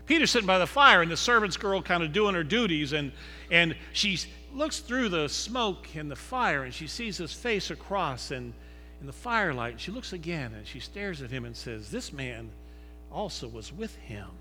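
A man preaching a sermon that retells a scripture story dramatically, moving between loud emphasis and hushed low passages. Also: lively intonation, moderate pace. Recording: long reverb with faint music behind.

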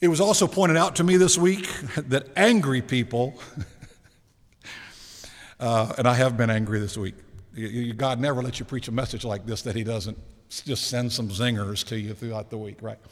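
A male pastor giving a sermon in a relaxed, conversational way, asking the congregation questions and slowing down to stress key words. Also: mid-range voice. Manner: conversational preaching with rhetorical questions and slowed emphasis. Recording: long reverb of a large hall.

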